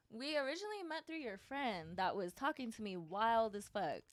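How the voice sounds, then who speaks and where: A woman's voice: a little high, very animated, normal speed, no echo, clean studio sound. A young adult woman chatting as a podcast guest, laid-back, swearing freely and laughing often. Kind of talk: casual chat.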